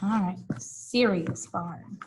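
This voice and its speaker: A woman's voice: medium pitch, slow, slight background noise, poor audio. A woman reading a picture book aloud, breaking in with casual, amused asides to her listeners. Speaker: storybook reader.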